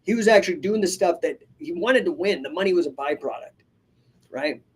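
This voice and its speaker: Husky-voiced man telling stories energetically. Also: high voice, fairly quick. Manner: energetic storytelling with many asides and restarts; casual, swears freely. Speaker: podcast host and coach. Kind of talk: casual live podcast talk. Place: live stream.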